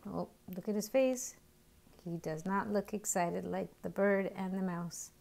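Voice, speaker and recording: A woman educator reading a picture book aloud to young children, gently pointing out the pictures. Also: mid-range voice, a little slow, gravelly. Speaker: early years educator.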